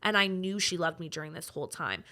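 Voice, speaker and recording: A woman's voice: fairly low pitch, fast, sharp tone. A woman from Canada, a guest on a talk show, telling her personal story frankly and conversationally, with lots of fillers. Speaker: guest, trafficking survivor and peer advocate.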